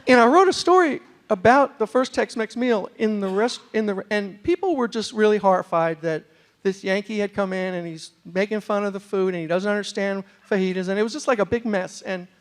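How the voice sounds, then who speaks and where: Telling a humorous tale to a university lecture hall audience, this middle-aged man from New York City uses animated comic delivery and frequent asides. He speaks a little fast, in a voice that sits high.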